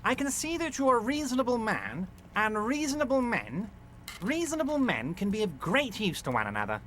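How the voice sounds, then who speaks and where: An actor playing a heavyset male union boss in a video game, genial and smooth but manipulative. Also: high voice, very animated, moderate pace, a bit bright, a little hiss or hum. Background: game music.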